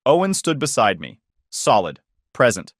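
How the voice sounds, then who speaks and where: Narrating a first-person drama story at a moderate pace, a man sweeps his middle-pitched voice up and down in an animated, expressive way. The recording is close and dry, with no room echo.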